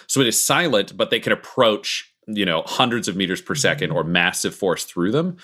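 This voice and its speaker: A man's voice: low voice, expressive, fast, few pauses, sharp tone. A man running a tabletop game as game master, explaining setting details at length and asking the players for their actions. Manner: detailed, explanatory lore talk.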